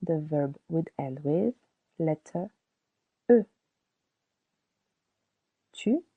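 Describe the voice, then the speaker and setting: A woman giving a scripted language lesson, speaking slowly and deliberately and repeating each word for learners to copy. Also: low-pitched, expressive, warm tone, breathy edge, dry recording. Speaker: French teacher. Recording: dry, tinny phone-like sound.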